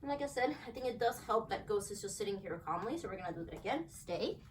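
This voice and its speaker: A woman with a medium-pitched voice talks fast and expressively as she explains a dog-training demo at home, breaking into upbeat praise for her dogs. The recording is distant, with faint background noise.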